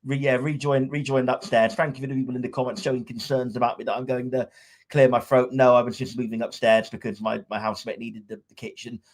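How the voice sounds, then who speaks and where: A man's voice: mid-range voice, level tone, fast talker. Wry, rambling man on a podcast. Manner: wry, opinionated, rambling with many restarts. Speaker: podcast co-host. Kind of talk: casual podcast chat. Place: upstairs room at home.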